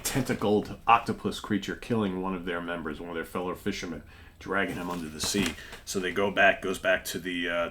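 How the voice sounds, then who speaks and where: Man, very low voice, host, casual comic review, chatty, filler words, faint background hiss. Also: pushed and bright. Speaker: comic book show host.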